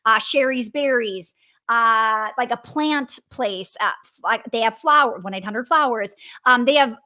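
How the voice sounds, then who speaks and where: A woman's voice: on the high side, measured pace, pushed and bright. A woman with a Wisconsin accent, hosting a live business coaching session and answering viewers in a chatty, upbeat way, often checking in with "right?" and "okay?".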